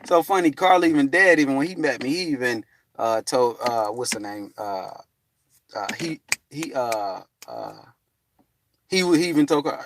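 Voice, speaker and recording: Animated, profane man telling a rambling story. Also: normal speed, pauses often. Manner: profane and meandering, full of fillers; jumps into high, loud voices for quoted people. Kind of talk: rambling spiritual storytelling monologue.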